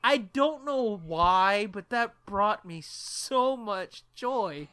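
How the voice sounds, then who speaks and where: Male podcast co-host, bright edge, loose profane storyteller. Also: high voice, expressive, very slow, clean tone. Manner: profane, rambling anecdote telling with laughs. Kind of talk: casual storytelling.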